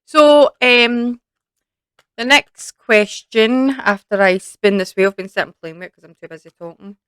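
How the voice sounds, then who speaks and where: A woman's voice: a little high, unhurried, a bit bright, smooth, no echo. A young woman with a Scottish accent chatting casually to camera in a Q&A, rambling with lots of fillers. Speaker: YouTube creator.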